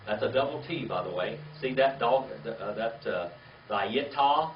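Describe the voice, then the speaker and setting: A man's voice: medium pitch, moderate pace. A man teaching a Bible lesson to a small class, asking questions, repeating key words and checking in with "all right?" after each point. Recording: distant, echoey, dull room recording with faint hiss.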